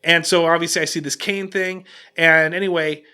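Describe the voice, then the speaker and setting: Bright-voiced man telling stories on a podcast. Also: a little high, normal speed, smooth. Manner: animated storytelling with many restarts. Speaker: podcast host. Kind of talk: casual podcast chat.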